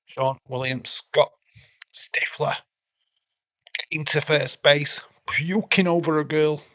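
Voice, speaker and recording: An English male livestream host does casual banter during a watch-along, chatty, reading out chat and swearing freely, on a dry lo-fi home mic. His voice is fairly high-pitched, slow, with fairly even intonation and no room sound.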